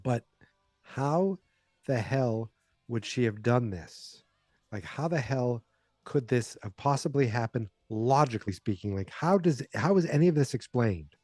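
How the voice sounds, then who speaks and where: Mellow-voiced man rambling through a recap. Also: medium pitch, animated, unhurried, no echo, clean studio sound, faint music behind. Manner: rambling, chatty retelling. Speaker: podcast host. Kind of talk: casual movie recap.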